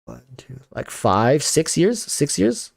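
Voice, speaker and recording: Animated rambling male streamer. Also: on the high side, slow pace, creaky, no room sound, clean studio sound. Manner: rambling, animated, many fillers and restarts. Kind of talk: casual livestream chat.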